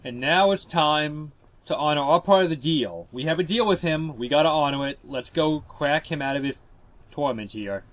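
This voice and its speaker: Man, let's play host, casual game commentary, chatty, joking, self-deprecating, slightly high voice. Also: normal speed, fairly bright tone.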